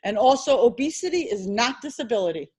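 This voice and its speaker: A woman's voice: a little high, husky. A woman teaching an insurance licensing class, drilling terms over and over and firing questions at her students. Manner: animated, repetitive drilling with quick questions to students. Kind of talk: classroom exam-prep lecture.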